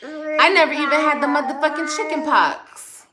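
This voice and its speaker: A woman's voice: sits high, fairly even intonation, normal speed, noisy background. A woman vlogger chatting casually on a livestream, blunt, sassy and profane as she scolds viewers. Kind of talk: casual livestream chat replying to comments.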